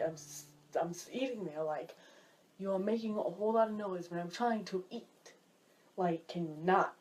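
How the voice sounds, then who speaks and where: A young woman ranting casually about everyday pet peeves as a vlogger, exasperated and filling her talk with "like.". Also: mid-range voice. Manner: chatty, exasperated, heavy use of "like". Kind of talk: casual list rant.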